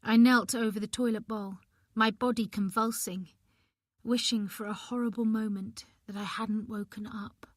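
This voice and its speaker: A woman's voice: a little high, fairly even intonation, normal speed, no room sound, studio quality. Tense woman narrating a thriller. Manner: tense, emotional first-person telling. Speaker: audiobook narrator. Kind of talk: first-person thriller narration.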